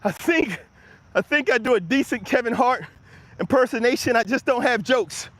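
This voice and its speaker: A very high-pitched man talks while walking outside, a little winded but full of push and encouragement for the people watching. He chats right back to his viewers' comments. His voice sits close and dry on the mic. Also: expressive, normal speed, fairly bright tone, dry recording. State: slightly out of breath from walking. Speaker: motivational livestream host. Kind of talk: live walk-and-talk motivational chat. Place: outdoors on an early-morning walk. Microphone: handheld camera while walking.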